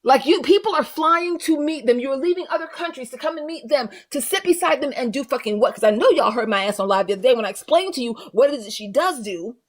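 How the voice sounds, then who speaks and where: A woman's voice: high voice, animated, fast talker, hardly any pauses. A woman hosting a livestream reaction, ranting bluntly and profanely in casual commentary with mocking asides. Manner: does mocking voices of others.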